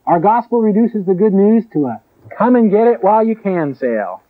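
A man preaching a sermon in an emphatic way, with sharp rises and drops. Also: high voice, very animated, moderate pace. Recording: tinny phone-like lo-fi recording.

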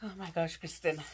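Gushing woman unboxing gifts, low voice. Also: slight background noise. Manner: gushing, exclaiming, laughing often while struggling with packaging. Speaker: vlogger opening fan mail. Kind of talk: casual unboxing vlog.

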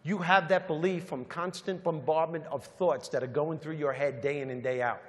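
A man's voice: on the high side, steady tone, moderate pace, slightly rough. A man with a New York accent giving a motivational keynote, emphatic and repetitive, with punchy comic timing. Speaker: motivational speaker. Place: large hall. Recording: long hall reverb, faint ambience.

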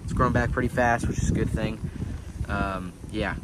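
A man's voice: fairly low pitch, fairly even intonation, moderate pace. Young male farm vlogger, slightly stuffy, easygoing and rambling; handheld outdoors with wind and water behind. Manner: rambling, laid-back, many fillers. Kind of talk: casual vlog chat. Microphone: handheld camera. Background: running water and wind.

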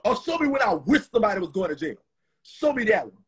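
A man with a Southern US accent hosts a live stream while tipsy, and his rough, husky voice runs high. He swings up and down in pitch, talking in a profane, rambling, animated way. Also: fast talker. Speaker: host. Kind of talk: casual live stream chat.

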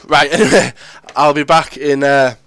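Swearing young gamer. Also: male voice, a little high, fairly even intonation, a little slow. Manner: blunt, swears freely, sudden loud outbursts. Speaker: gaming video creator. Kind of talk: live gameplay commentary.

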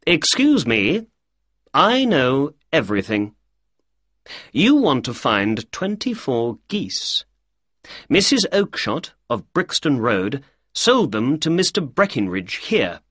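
A man's voice: mid-range voice, huge pitch swings, slow pace, a bit bright, no room sound, studio quality, full character voice. A man voicing a confident, clever male detective in a storybook reading. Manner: self-assured, explaining.

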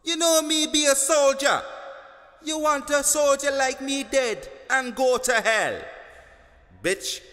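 A man's voice: very high voice, slow, pushed and bright, long reverb tail, full character voice. A man voicing a boastful, menacing male prison inmate who speaks broken English.

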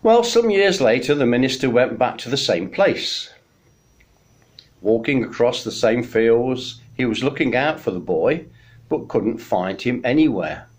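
A male minister delivers a midweek message at a slow, measured pace. His voice sits at an ordinary middle pitch, and he tells stories with gentle pauses between words. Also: big pitch swings. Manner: unhurried storytelling, gentle pauses.

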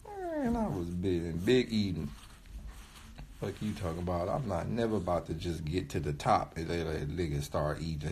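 A man's voice: deep voice, big pitch swings, normal speed, a little mellow, slight background noise. A man who raps, talking into his phone on a livestream in a rambling, profane rant that repeats itself for emphasis. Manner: repetitive, emphatic, swears often. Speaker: rapper livestreaming to followers. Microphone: phone mic on a live stream.

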